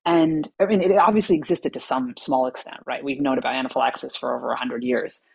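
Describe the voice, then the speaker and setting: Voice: mid-range voice, steady tone, quick pace, gravelly, breathy edge. An expert guest on a podcast, patiently explaining science step by step. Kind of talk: explanatory interview answers.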